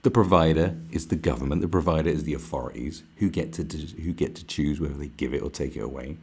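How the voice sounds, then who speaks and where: A man hosting a podcast, delivering a profane, animated ranting monologue and mocking other people's voices. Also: a bass voice, quick pace, breathy edge. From United Kingdom. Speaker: podcast host.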